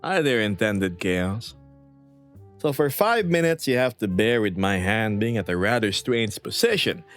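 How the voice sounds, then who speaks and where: A man chatting on his livestream in an unhurried, drawn-out way, his pitch bouncing up and down as he rambles playfully and answers chat. Faint music plays softly behind him. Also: animated. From United States. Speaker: VRChat streamer.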